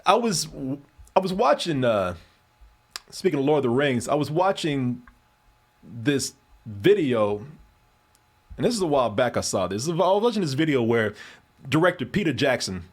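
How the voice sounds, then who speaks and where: A man's voice: medium pitch, sing-song, normal speed, long pauses, breathy edge. A man hosting a casual interview, chatty and laughing often, with long rambling questions. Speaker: interview host.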